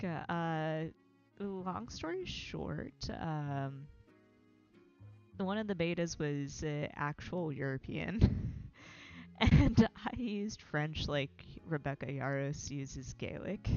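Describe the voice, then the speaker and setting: An American woman with a low voice chats on a livestream, rambling and self-deprecating, with frequent swearing and laughter. The sound is slightly muffled, and faint music plays underneath. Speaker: livestream host. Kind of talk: casual rambling chat.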